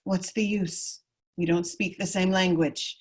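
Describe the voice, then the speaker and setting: A woman playing a husky, exasperated noblewoman. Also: on the low side, fairly even intonation, a little slow, darkish tone. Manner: earnest, exasperated. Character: frustrated, disillusioned young noblewoman. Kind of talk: virtual table read of a 1930s radio play. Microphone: video call.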